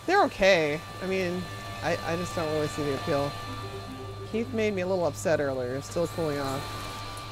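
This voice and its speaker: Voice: medium pitch, low-quality recording. A game streamer in casual live-stream chat, rambling and answering viewers while playing, with firm opinions and frequent filler words.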